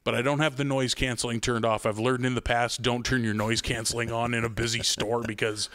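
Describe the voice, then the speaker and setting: A man's voice: medium pitch, level tone, brisk, fairly bright tone, dry recording, studio quality. A man co-hosting a podcast, from the American Midwest, telling a story in casual chat, swearing freely and acting out the voices he quotes. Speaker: podcast co-host.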